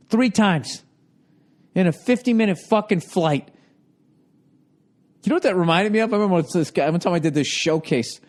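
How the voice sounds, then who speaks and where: With a slightly high, slightly mellow voice, a male comedian in his forties spins an exasperated, heavily profane comic story. He swears constantly, and his voice leaps up when he gets worked up.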